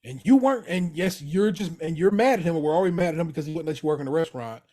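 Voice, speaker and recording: A man's voice: a little high, very fast, dark tone. A man co-hosting a podcast, retelling scenes with emphatic energy and frequent swearing. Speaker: podcast co-host. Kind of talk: casual TV recap chat.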